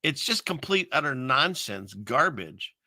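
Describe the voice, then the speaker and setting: A man hosting a casual livestream, rambling and chuckling through viewer comments with lots of filler words and trailing pauses. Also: medium pitch, big pitch swings, sharp tone, dry recording, studio quality. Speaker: livestream host reading viewer chat. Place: home setup in the Seattle area.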